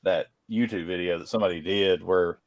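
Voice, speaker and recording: A man with a lowish voice talks as a guest in a casual livestream chat. He tells stories in an animated way and laughs while he speaks. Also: brisk, dry recording.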